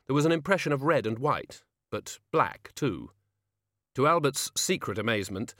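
A man narrating a story in a measured, expressive reading voice. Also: mid-range voice, no echo, studio quality. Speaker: audiobook narrator.

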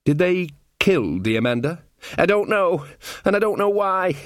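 A man's voice: sits high, sing-song, measured pace, dry recording, clean studio sound, pitched above the performer's own voice. A man voicing a nervous, injured young man who hesitates and stammers.

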